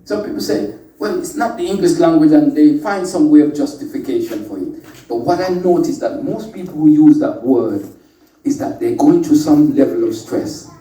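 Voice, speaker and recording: A man's voice: fairly high pitch, moderate pace, dark tone. A man giving an informal, playful talk to a live group, calling out to the audience and teasing them with wordplay. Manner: playful, chatty, calls out to the audience. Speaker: speaker at a spiritual workshop. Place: indoor meeting room with an audience. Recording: echoey room, voice from a distant mic.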